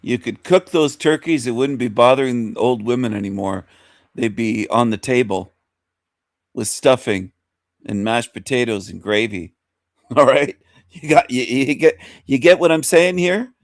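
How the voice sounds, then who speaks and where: A man's voice: mid-range voice, unhurried, no echo, clean studio sound. A man hosting a talk radio show, rambling through an opinionated monologue and repeating himself with rhetorical questions.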